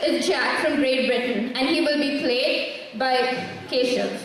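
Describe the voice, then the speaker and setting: A young woman on a school stage introducing the cast in bright, expressive scripted announcing. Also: sits high, measured pace, far from the mic, slight background noise. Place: large school hall stage. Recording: echoey hall, from afar.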